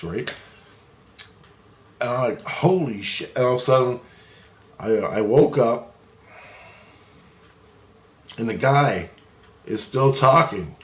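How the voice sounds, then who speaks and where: A man telling a rambling personal story, swearing freely and getting excited. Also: lowish voice, reverberant. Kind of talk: casual anecdote.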